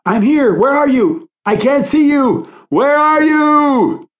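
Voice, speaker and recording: A man voicing a panicked injured man who screams for help in a high, desperate voice. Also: steady tone, a little slow, darkish tone, lo-fi sound, natural voice. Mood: panicked shouting.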